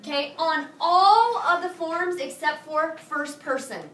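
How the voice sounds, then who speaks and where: Woman, Spanish teacher, call-and-response drilling, clear bright voice, echoey classroom, distant camera. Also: very high-pitched, a little slow. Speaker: high school Spanish teacher. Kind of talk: classroom review lesson.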